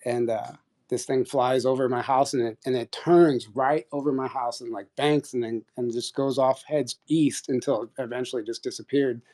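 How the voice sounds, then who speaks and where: A man's voice: medium pitch, warm tone. A man telling a long personal story in a casual, rambling way, full of fillers and restarts. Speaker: podcast host sharing experiences. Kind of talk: casual storytelling on a live audio chat.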